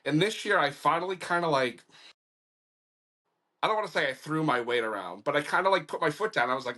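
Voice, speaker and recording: A man's voice: a little high, lively intonation, normal speed, sharp tone. A man hosting a casual podcast, blunt and emphatic, swearing freely. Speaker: podcast host.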